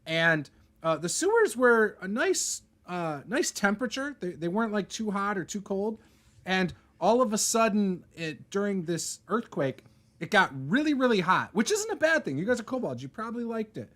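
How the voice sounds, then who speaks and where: A man's voice: sits high, sing-song, moderate pace, a bit bright. A man running a tabletop game over a video call, narrating loosely with many fillers. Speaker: game master.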